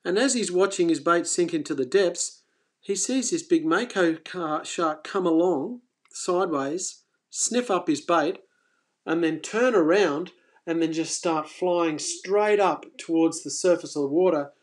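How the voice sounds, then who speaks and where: A man hosting a fishing live stream, telling a story casually and with energy, stumbling and restarting, then trailing off quietly. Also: a little high, a little slow. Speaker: fishing coach and channel host.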